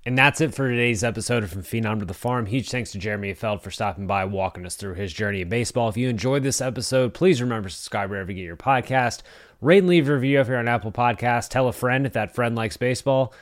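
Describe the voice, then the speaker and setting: A man's voice: medium pitch, fast, no echo, studio quality. A man hosting a baseball podcast, asking questions and reading an upbeat sign-off. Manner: upbeat, reads sign-off smoothly. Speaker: podcast host. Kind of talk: interview and scripted outro.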